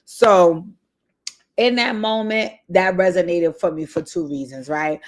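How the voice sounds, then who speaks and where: A woman's voice: fairly low pitch, a little slow. A woman giving casual, candid commentary on a reality show, emphatic and profane, often tagging "right?" onto her points. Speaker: reality TV recap host.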